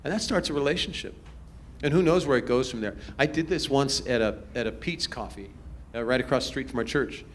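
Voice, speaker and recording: A man, a pastor, answering audience questions in a relaxed, storytelling way, chuckling as he goes. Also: mid-range voice, fairly quick, a little hiss or hum. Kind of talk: casual Q&A talk to a youth group. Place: church event hall with a live audience.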